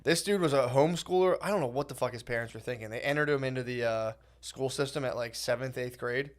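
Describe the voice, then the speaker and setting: A man co-hosting a podcast, telling stories in an animated, profane way and laughing often in casual chat. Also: medium pitch, quick pace. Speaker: podcast co-host.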